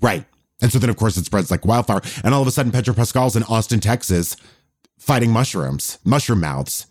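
A man's voice: on the low side, expressive, brisk, a little mellow, no echo, studio quality. A man co-hosting a casual chat podcast. He talks animatedly, swears freely and retells scenes by acting out the characters' voices. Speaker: podcast co-host.

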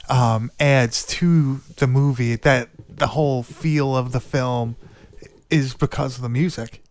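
A man's voice: medium pitch, steady tone, slow pace, a little mellow, no echo. A man casually talking about an old horror movie on a podcast, loose and chatty, stumbling over names and swearing now and then. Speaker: podcast co-host.

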